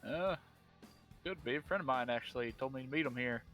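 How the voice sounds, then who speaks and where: A man's voice: medium pitch, fairly quick, pushed and bright, soft background music. A man playing a tabletop game, speaking in character in an easygoing, hesitant way. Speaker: player.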